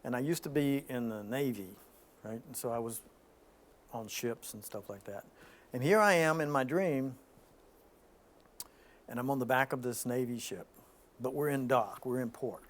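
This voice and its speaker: A man hosting an informal spiritual talk, telling stories in an animated way with frequent restarts. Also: medium pitch, normal speed, long pauses.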